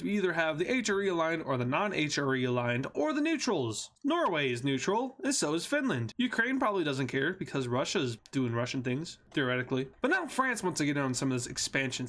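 A man's voice: fairly high pitch, fairly bright tone. A young man casually narrating a map scenario video, with joking asides and frequent fillers. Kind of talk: casual commentary over a map animation.

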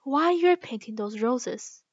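A woman's voice: fairly high pitch, expressive, unhurried, dry recording, lo-fi sound. A woman reading aloud, voicing a timid and polite young girl.

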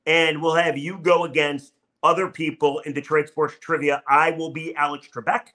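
Upbeat, bright-voiced male sports podcast host. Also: a little high, little pitch movement, moderate pace. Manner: upbeat, chatty, pushes listeners to subscribe. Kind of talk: sports talk monologue.

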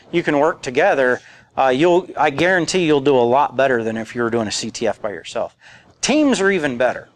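A man in his forties gives a conference talk in a loose, chatty way and drops in quotes from old movies. His voice sits a bit high for a man. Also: fairly bright tone. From rural area. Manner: casual, joking, quotes movie lines. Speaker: conference speaker. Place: conference room.

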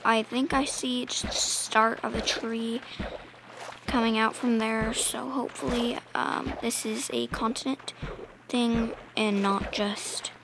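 A woman's voice: fairly high pitch, steady tone, takes it slowly, background noise. A woman giving casual, rambling let's-play commentary, mumbling and chatting to the animals in her game. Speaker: gaming channel host.

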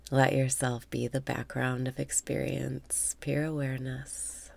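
Woman guiding a meditation, super low gravelly voice, half whispering calmly. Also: a little hiss or hum. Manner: calm, slow, often half-whispered breath cues. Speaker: meditation guide. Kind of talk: guided meditation.

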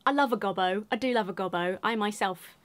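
A woman opening trading cards at a desk in a casual, gushing way. She giggles often and drops into a whisper for the flavour text. Her voice sits at an ordinary middle pitch. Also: brisk. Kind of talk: casual chat, reading card text aloud.

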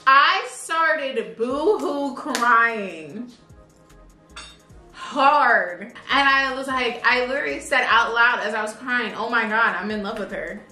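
A young woman with a bright, forceful voice and a slightly raised pitch, recounting a personal story in casual chat. She acts out her own inner dialogue with lots of fillers. The room is echoey, with faint music underneath. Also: slow. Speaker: co-host of a couple's channel.

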